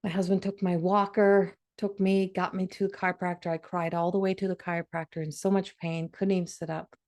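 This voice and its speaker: This middle-aged podcast host has a lowish, slightly mellow voice with little pitch movement and a brisk pace. She tells an emotional personal story conversationally, with frequent restarts.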